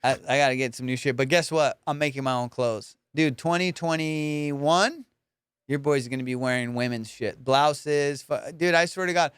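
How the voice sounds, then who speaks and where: A man's voice: medium pitch, moderate pace, clean tone, no room sound, clean studio sound. A man hosting a comedy podcast, rambling casually, swearing a lot and laughing often. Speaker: podcast host.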